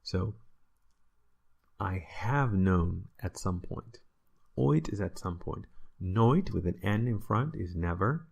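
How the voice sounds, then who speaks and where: A man's voice: low voice, animated, takes it slowly, creaky, pauses often, a little mellow, slightly rough. A man teaching a casual online language lesson, explaining patiently and checking in with "right?".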